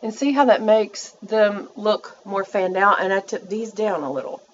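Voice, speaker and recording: A woman's voice: mid-range voice, steady tone, normal speed, muffled recording, slight background noise. Chatty woman doing a makeup tutorial. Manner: chatty, self-narrating, addresses viewers as y'all. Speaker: beauty vlogger.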